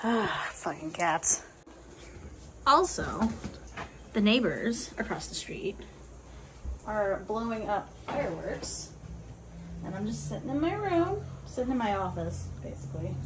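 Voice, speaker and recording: A woman's voice: on the high side, sing-song, takes it slowly, long pauses, background noise. A young woman chatting casually on a home vlog, swearing, laughing and ranting about her cat and her neighbors, filmed on a phone. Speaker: vlogger. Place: home, bathroom and office.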